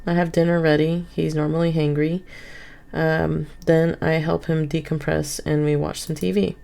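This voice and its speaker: Low gravelly woman streamer reading game text. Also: little pitch movement, normal speed, warm tone. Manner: reads game text with asides and self-corrections. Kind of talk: reading a visual novel game aloud on stream. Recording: game music behind the voice.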